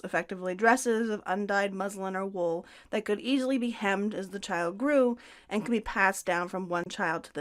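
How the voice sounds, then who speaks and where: Woman, podcast co-host, scripted history narration, steady and clear. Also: medium pitch.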